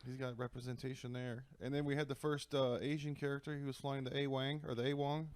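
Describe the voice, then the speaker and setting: A man riffing on a comedy podcast, cracking jokes and slipping into quick impressions. His voice sits in an ordinary middle register. The sound is close and dry, with no room around it. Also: mid-range voice, flat delivery, clean tone, no room sound. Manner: joking, riffs with quick impressions. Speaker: podcast co-host. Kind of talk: casual comedic chat.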